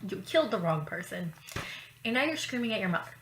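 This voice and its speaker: A woman's voice: mid-range voice, big pitch swings, fast talker, reverberant, slight background noise. Woman doing an exasperated ghost father, sarcastic and scolding, near her own voice.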